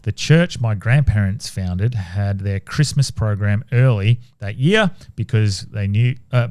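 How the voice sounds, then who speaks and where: A man with a lowish voice reads listener ghost stories on a podcast in a relaxed, offhand manner, often stumbling and restarting lines. The sound is dry and close to the mic, with no room echo. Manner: relaxed, swears casually, trails off and restarts while reading. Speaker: podcast co-host. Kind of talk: casual podcast chat, reading listener stories aloud.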